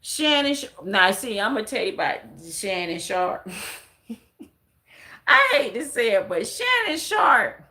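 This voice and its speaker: A woman's slightly high, pushed and bright voice is very animated but slow as she hosts a casual livestream. Talking right to her viewers, the commentator rants bluntly and emphatically, swearing plenty.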